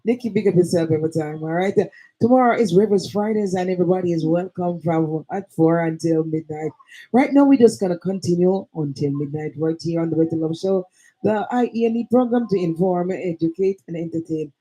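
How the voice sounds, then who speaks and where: A woman hosting a live show, talking with a preachy, drawn-out emphasis. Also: lowish voice, mellow, low-quality recording. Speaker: show host. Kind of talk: live radio-style chat.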